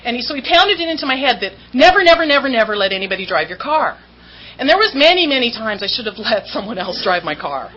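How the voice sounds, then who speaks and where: A woman with a fairly high, bright voice tells her recovery story to a room, swooping up and down as she laughs at her own past. Her manner is candid and self-mocking. The recording sounds a little muffled, with a faint hum underneath. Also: fast talker, a faint crowd. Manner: lively, self-mocking, laughs while telling. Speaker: AA meeting speaker. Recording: slightly dull recording with faint background hum.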